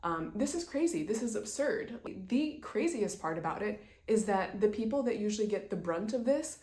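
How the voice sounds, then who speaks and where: A woman's voice: medium pitch, mellow. A woman presenting an instructional talk, earnestly explaining ideas through example stories. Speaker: presenter teaching communication skills. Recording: echoey room.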